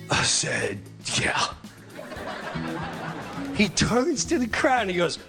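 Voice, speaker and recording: A man telling a funny anecdote on stage, animated and quick, dropping into impressions. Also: high voice, gravelly, music in the background. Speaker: comedian. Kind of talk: storytelling on stage.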